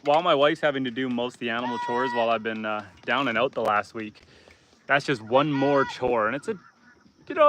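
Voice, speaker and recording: A man's voice: medium pitch, a bit bright, slight background noise. A man hosting a live stream from his homestead, chatting casually, talking to his goats and reading out viewer comments. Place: outdoors on a homestead among goats.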